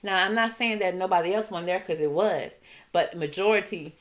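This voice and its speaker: Sassy woman, kinda low voice, mocking commentary, drags out her jabs. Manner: sassy, mocking, drawn-out emphasis. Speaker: commentary channel host. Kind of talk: casual commentary, reading and reacting.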